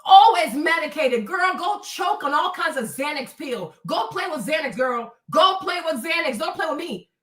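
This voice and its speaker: A high-pitched woman with a bright, piercing voice rants straight at her livestream commenters, profane and mocking. Her voice sits a little away from the mic and bounces around an echoey room. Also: animated, moderate pace, few pauses, distant mic. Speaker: livestream host. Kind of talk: heated livestream rant at commenters.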